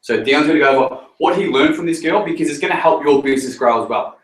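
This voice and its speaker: A man's voice: a little high, fast, a bit bright. A man giving a rousing motivational talk to a group and asking the room questions. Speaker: team leader at a training. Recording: echoey room, recorded from afar.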